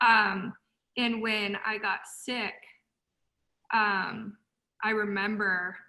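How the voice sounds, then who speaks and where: A woman speaking as a guest, telling her story in a passionate, blunt motivational way and loudly quoting herself. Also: medium pitch, little pitch movement, drawn-out words, rough recording. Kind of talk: emotional motivational talk.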